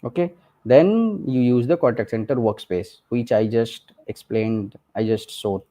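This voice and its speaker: A man presenting a technical walkthrough of a software demo, speaking conversationally with many fillers and "okay" and "right?" checks. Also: mid-range voice, a little slow.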